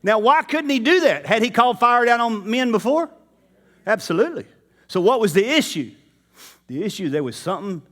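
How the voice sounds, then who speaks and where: A man's voice: high-pitched, a bit bright. A man preaching a sermon in church, talking casually and straight to the congregation. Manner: conversational, addresses the congregation directly.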